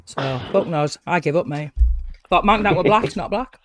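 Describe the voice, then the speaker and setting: A man's voice: high voice, lively intonation, fairly quick, a little hiss or hum. A man hosting a live stream, chatting casually in a rambling, sweary way. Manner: sweary, rambling, laughing, chewing while talking. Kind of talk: casual chat.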